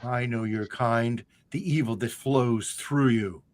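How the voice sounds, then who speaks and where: A man reading the lines of a cruel, scheming undead lich queen in a slow, measured, menacing way. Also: mid-range voice, close to an everyday voice. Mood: cold menace.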